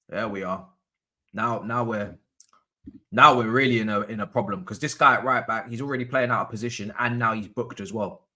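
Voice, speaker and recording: A young man hosting a live football watchalong, reacting to the match as an excitable, frustrated fan who rants and swears. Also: mid-range voice, moderate pace, long pauses.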